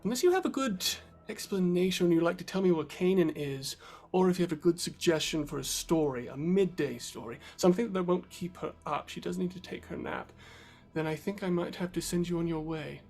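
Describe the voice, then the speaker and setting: A calm, patient sorceress with a motherly softness, voiced in a fantasy tabletop game by a man. She speaks gently and without hurry, in a slightly raised, quiet voice. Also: sits high, brisk, creaky. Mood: cool, firm.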